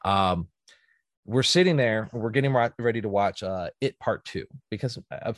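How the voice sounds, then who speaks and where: A man's voice: fairly low pitch, normal speed, no echo, studio quality. A man hosting a podcast in casual chat, telling a story animatedly and acting out quotes. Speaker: podcast host.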